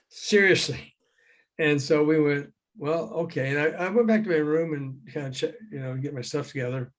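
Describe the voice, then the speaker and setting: An older man, a former record promoter, telling lively anecdotes as an interview guest over a video call, acting out the people he quotes. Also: a little high, brisk. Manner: lively raconteur who acts out the people he quotes.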